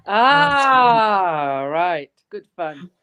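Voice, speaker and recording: A woman's voice: medium pitch, big pitch swings, very slow, a bit bright, clean tone. A woman chatting on a live video panel, teasing and chatty, laughing often. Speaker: panel guest. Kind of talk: casual live stream chat. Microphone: video call.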